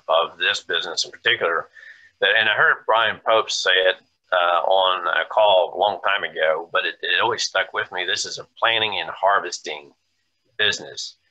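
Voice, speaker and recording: A man's voice: deep voice, sharp tone, rough recording. A man hosting a business talk, explaining earnestly and building his point through a farming analogy. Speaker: host.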